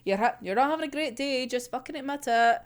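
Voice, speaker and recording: A woman's voice: high-pitched, fast. A woman casually recapping a manga chapter, laughing often and swearing freely. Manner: giggly, sweary, animated storytelling. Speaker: manga reaction vlogger.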